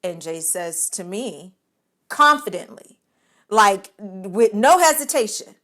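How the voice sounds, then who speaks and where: A woman telling a comic personal story on a podcast, animated and expressive, laughing often and stumbling over words when worked up. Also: fairly high pitch, takes it slowly.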